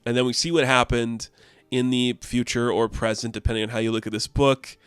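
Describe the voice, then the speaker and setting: Guy recapping a comic, rambly, says like a lot, smooth voice, dry close mic. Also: mid-range voice, steady tone, fairly quick, no echo. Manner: rambling, filled with "like". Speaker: comic book reviewer. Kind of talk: casual comic book recap.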